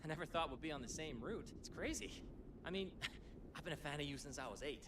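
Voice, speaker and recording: An actor playing an eager, excitable young male climber in a video game who is a starstruck fan. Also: on the high side, a little fast, a little hiss or hum. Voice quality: bubbly and excitable.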